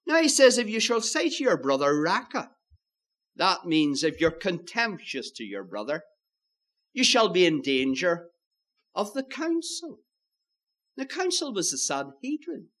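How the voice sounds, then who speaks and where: A man preaching a sermon, moving between loud stresses and hushed, solemn phrases. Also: high voice. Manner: old-fashioned preaching, swinging from loud emphasis to hushed.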